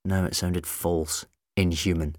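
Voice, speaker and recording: A man narrating an audiobook in an expressive storytelling manner. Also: deep voice, a little slow, no echo, studio quality.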